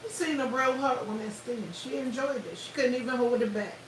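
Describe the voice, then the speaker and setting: A woman's voice: a little high, brisk. A woman hosting a livestream, giving blunt, profane commentary and laughing often. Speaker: livestream host. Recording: echoey room, far from mic, faint hiss.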